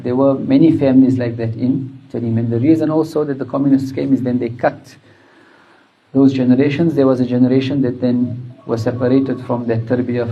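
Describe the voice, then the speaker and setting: A man giving a religious lesson, retelling anecdotes with quoted dialogue in a measured way. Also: mid-range voice, highs cut off. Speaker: religious teacher.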